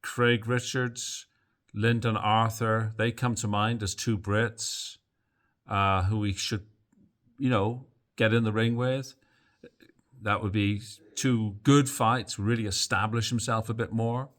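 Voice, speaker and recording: A man's voice: fairly low pitch, fairly even intonation, slow pace, fairly bright tone. A man hosting a boxing news channel, giving casual, opinionated commentary to camera with plenty of fillers and asides.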